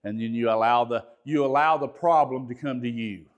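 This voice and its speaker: A loud, emphatic middle-aged man, a bishop teaching a ministry training session in a lecture style. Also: mid-range voice, brisk, lo-fi sound. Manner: loud, emphatic natural speaking voice.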